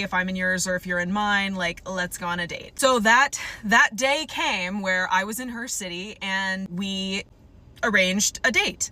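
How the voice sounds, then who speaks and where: A woman's voice: medium pitch, pushed and bright, rough recording. A woman telling a dating story in a chatty, hesitant, considerate way. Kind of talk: storytime monologue.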